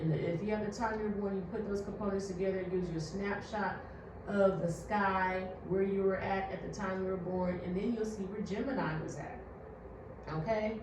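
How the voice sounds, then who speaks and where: Chatty woman in a very echoey room. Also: medium pitch. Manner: chatty, loose, addresses viewers as you guys. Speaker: spiritual vlogger. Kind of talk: casual how-to chat. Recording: very echoey room, far from mic, noisy.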